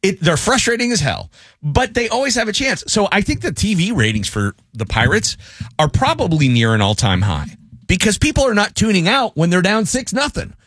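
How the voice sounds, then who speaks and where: Animated male sports talk host. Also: sits high, dry recording, studio quality. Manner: animated, wry, quick with jokes.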